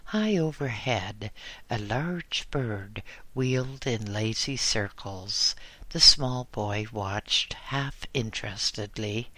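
A man narrating an audiobook in a measured, even storytelling manner. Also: on the low side, no echo.

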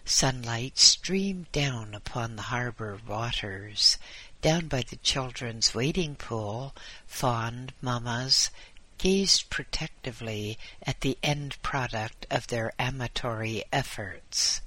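A male audiobook narrator reads at an unhurried, deliberate pace. His voice is bright and slightly husky, and every phrase is placed with care. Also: mid-range voice, no room sound. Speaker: audiobook reader. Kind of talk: scripted narration.

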